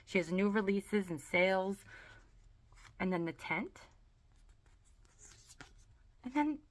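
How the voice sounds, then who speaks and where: Gushing woman with a gravelly edge. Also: medium pitch, a bit bright. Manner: chatty and gushing, with frequent "like" and "oh". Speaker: planner and sticker vlogger. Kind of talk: casual unboxing haul chat.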